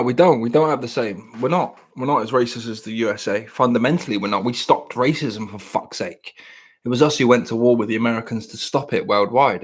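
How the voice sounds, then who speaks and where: A young English man chats in a blunt, profane, rambling way. His voice sits at an ordinary pitch with a husky grain. He sounds like a podcast host thinking out loud. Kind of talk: casual chat.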